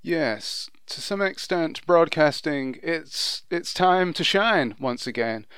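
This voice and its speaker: A man's voice: on the high side, expressive, takes it slowly, a bit bright, clean tone, no echo. A man hosting a podcast, opening with upbeat, presenter-like introductions in casual chat. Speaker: podcast host.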